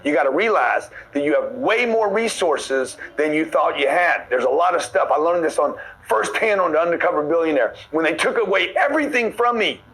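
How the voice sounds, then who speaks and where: A man's voice: on the high side, expressive, brisk, few pauses, fairly bright tone, poor audio. A man giving a blunt, preachy motivational talk, pushing his listeners hard. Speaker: motivational speaker.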